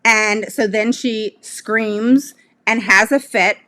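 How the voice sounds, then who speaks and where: A woman's voice: medium pitch, fairly even intonation, slow, sharp tone. A middle-aged woman giving parents casual, conversational advice and often checking in with "all right?". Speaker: parent advocate.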